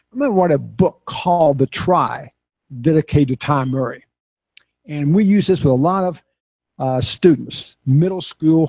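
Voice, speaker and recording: A man's voice: fairly high pitch, no room sound, studio quality. An older man from Texas, telling a story in a folksy way and voicing the people he quotes. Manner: folksy, animated when quoting others. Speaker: speaker. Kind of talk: storytelling talk.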